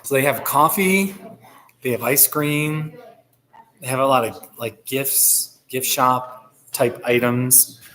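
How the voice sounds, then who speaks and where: A man's voice: mid-range voice, slow, a bit bright, low-quality recording. A man chatting casually and rambling on a live stream from a coffee shop, chuckling often as he talks. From United States.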